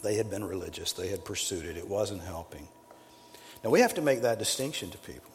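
A man preaches in a church hall, his voice swinging widely from loud emphatic peaks down to low, quiet lines. The hall gives a long reverb tail, and faint room ambience sits underneath. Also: lively intonation, brisk, slight background noise. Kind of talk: sermon.

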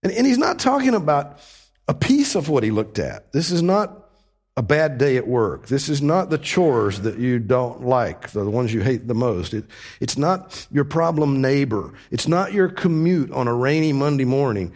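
A man's voice: medium pitch, big pitch swings, normal speed, darkish tone. A man preaching a sermon, explaining scripture with earnest, emphatic repetition.

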